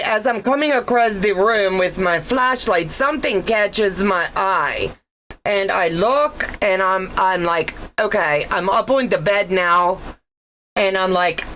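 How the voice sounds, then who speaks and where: A woman's voice: medium pitch, fairly bright tone, a little hiss or hum. A middle-aged woman hosting a live stream, telling a story in a chatty way, laughing often and greeting viewers by name. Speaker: livestream host. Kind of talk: casual storytelling livestream.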